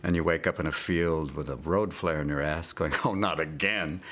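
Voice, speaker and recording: A man being interviewed, riffing manically and jumping between put-on voices and shouts. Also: rumbling low, steady tone, normal speed. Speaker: comedian interviewee.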